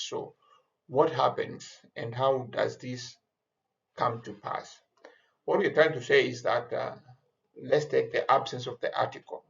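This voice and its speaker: Slow, gravelly male teacher, halting. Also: mid-range voice, lo-fi sound. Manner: slow, many hesitations and repeated words. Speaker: Greek teacher. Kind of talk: recorded grammar lesson.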